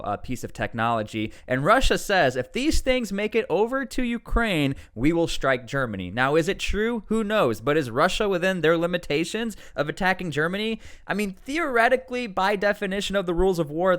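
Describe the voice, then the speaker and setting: Smooth-voiced man giving animated news commentary. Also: a little high. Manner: animated, rises sharply on key words; reads out article text between remarks.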